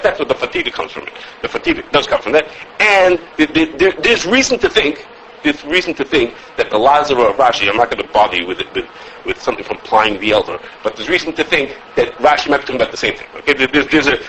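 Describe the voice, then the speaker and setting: A man giving a halacha class as a teacher, animated, often repeating words and checking with "okay?". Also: a little high, slight background noise, rough recording. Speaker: Torah teacher.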